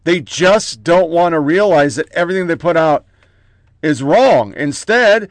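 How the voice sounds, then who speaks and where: A man's voice: a little high, lively intonation, measured pace, no echo. A man hosting a political commentary show, reading out headlines in short clipped bursts with profane, mocking asides.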